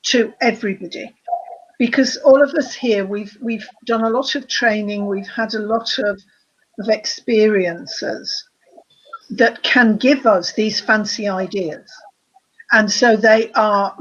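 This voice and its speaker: A woman therapist on a panel explaining ideas in a careful, measured way. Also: fairly high pitch. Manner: measured, careful, restarts phrases. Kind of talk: thoughtful explanation. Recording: slightly dull lo-fi audio.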